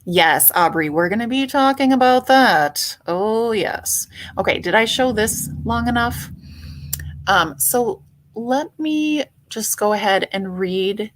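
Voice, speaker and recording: Woman hosting a livestream, unhurried, chatty and playful with her chat. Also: a little high, expressive, a little hiss or hum. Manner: chatty, greets viewers warmly by name, playful. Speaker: livestream host. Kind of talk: casual livestream chat greeting viewers.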